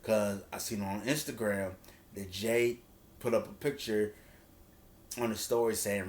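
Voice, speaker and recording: A man casually recapping a wrestling event, telling it in an animated way and acting out what the wrestlers said in slang. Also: lowish voice, measured pace. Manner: animated storytelling, acts out quotes in slang. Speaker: wrestling reviewer.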